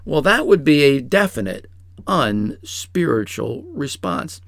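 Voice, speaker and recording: A man's voice: big pitch swings, slow, creaky, a bit bright, no echo, clean studio sound. A man preaching a sermon in a conversational, storytelling way, now and then acting out quoted voices. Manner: storytelling, acts out quoted voices in a high pitch. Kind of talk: sermon-style teaching.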